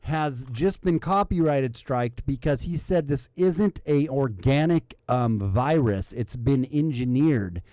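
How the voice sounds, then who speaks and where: A man's voice: mid-range voice, lively intonation, slow, hardly any pauses, dark tone, dry recording. A man hosting a live call-in stream with casual drinking banter. He is a little drunk, rambles and swears, and keeps relaying the caller's words to his co-hosts.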